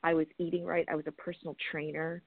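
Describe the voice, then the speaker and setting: A woman's voice: low voice, quick pace, gravelly, husky, dry recording. Frank woman on a phone line. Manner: frank, animated storytelling with laughs. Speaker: guest advocate. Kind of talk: candid podcast interview.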